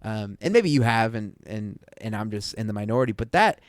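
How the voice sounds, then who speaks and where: Lively man chatting, dry close mic. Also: fairly low pitch, fairly quick, no echo. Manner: animated storyteller with short affirming murmurs. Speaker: podcast co-host. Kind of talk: casual Bible discussion.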